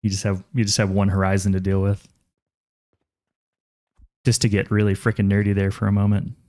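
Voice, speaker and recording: A man's voice: on the low side, completely flat delivery, brisk, darkish tone, no echo, clean studio sound. A man casually commentating on a game while streaming, chatty, thinking aloud and reading chat aloud.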